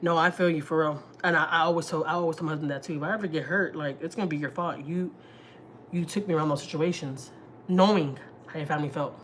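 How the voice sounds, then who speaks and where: A woman talks on a casual family livestream, her voice sitting on the low side. She speaks frankly and heatedly, swearing freely as she vents. A faint background hum sits under the voice. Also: fast. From Houston, Texas. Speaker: family vlogger. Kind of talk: casual live-stream chat.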